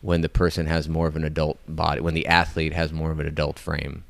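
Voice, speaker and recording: A man co-hosting a podcast in casual chat, speaking in a measured way and laughing often. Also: rumbling low, completely flat delivery, creaky, no echo. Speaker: podcast co-host.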